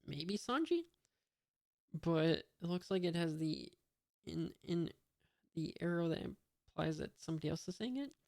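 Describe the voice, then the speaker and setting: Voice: mid-range voice, animated, unhurried, vocal fry, long pauses, a little mellow. A reader reading a comic aloud with comments, reading out sound effects and punctuation marks, with many hesitations and asides.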